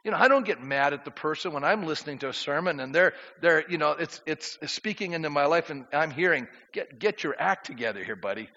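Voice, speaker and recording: Pastor guy preaching, talks right to the crowd with questions, bright tone, echoey dull church sound. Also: fairly high pitch, fast, few pauses. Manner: conversational preaching, asks the congregation questions. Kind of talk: sermon. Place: church sanctuary.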